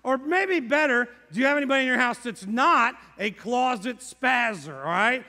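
A middle-aged man preaching a sermon, animated, acting out voices from the story. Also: extremely high pitch, moderate pace, long reverb tail. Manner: animated, acts out quoted voices. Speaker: pastor. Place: church sanctuary.

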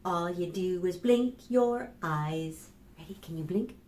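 A woman librarian leading a children's storytime, reading aloud in an animated, sing-song way and talking straight to young children. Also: on the low side, takes it slowly, echoey room.

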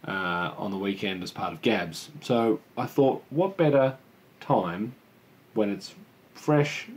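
A young man casually chatting and rambling as he tastes and reviews a home-brewed beer. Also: fairly low pitch. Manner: chatty, rambling, self-deprecating. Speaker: homebrew reviewer. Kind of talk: casual beer tasting vlog.

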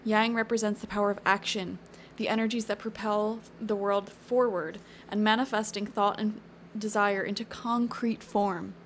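An encouraging woman talks through a tarot reading in a loose, chatty way, often thinking aloud with little fillers. Her voice sits at an ordinary middle pitch, with a faint hiss of noise in the background. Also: steady tone, moderate pace, hardly any pauses. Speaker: tarot reader. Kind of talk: casual spoken tarot reading.

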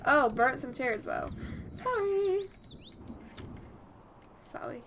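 A woman giving casual let's-play commentary, chatty and easily excited, talking straight to her game characters. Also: high-pitched, takes it slowly, background noise. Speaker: gameplay commentator.

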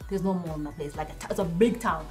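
A young woman tells a personal story to her viewers in a chatty, animated way. She slips into different voices to act out the dialogue, while soft music plays faintly behind her. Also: fairly low pitch, fast talker. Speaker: vlogger. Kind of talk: storytime vlog.

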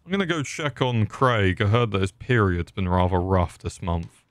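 A man's voice: on the low side, lively intonation, moderate pace, dry recording. A young man doing comedic let's play commentary, sarcastic and swearing, cracking jokes at the game's characters. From England. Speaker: gaming youtuber.

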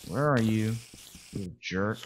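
A man narrating his own gameplay as a let's play, excitable and quick to yelp and groan when things go wrong. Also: fairly low pitch, a little hiss or hum, poor audio. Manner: excitable, yelps and groans at in-game threats. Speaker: gameplay commentator.

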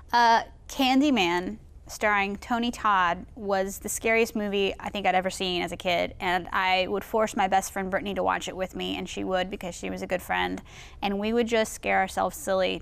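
A woman's voice: medium pitch, vocal fry, a bit bright, clean tone. A young woman actress, a guest in a casual interview, speaking in a bubbly way with frequent restarts.

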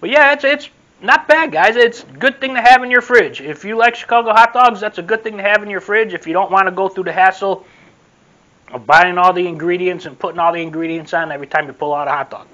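The audio is dull as a man reviews a sauce on his food vlog, speaking quickly in a high voice that sounds pushed and bright. His casual taste test rambles and repeats before closing with a friendly sign-off.

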